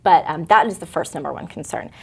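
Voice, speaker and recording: A woman counselor answering interview questions, giving calm, practical step-by-step advice with frequent fillers. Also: sits low, quick pace, creaky, slightly rough. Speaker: sexual trauma counselor.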